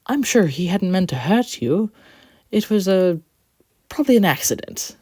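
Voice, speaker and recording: A storyteller voicing a kind, polite male steam engine who speaks calmly and gently, with a little rambling. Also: medium pitch, moderate pace, breathy edge, dry recording, clean studio sound, pitched above the performer's own voice. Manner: soft-spoken, warm, slightly rambling.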